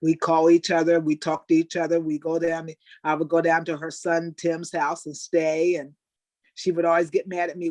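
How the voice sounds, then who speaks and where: An older woman, a Special Olympics athlete, telling animated stories in a webinar interview over a video call. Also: deep voice, moderate pace, no room sound. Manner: animated storyteller, acts out quoted people. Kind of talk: storytelling in an interview.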